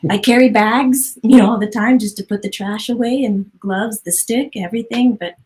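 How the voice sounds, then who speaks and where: A woman hosting a conversational interview, telling stories in an animated, expressive way. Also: a little high, normal speed, poor audio. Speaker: podcast host.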